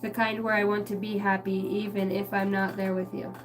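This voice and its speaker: A woman's voice: medium pitch, little pitch movement, fairly quick, faint music behind. A woman giving a casual tarot reading on a livestream. She talks bluntly and chattily and swears freely. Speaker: tarot card reader.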